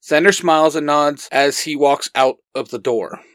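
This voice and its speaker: A man narrating a fan story with earnest storytelling, slipping into the lines of his characters. His voice is fairly high for a man, recorded dry and close. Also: normal speed, fairly bright tone, no echo. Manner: earnest storytelling, acting out dialogue. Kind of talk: reading fan fiction aloud.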